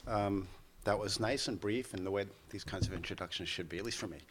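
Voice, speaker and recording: Low-voiced New York man moderating. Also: a little fast, slight background noise. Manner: chatty, repeats words often. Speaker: panel moderator. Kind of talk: conference panel introduction.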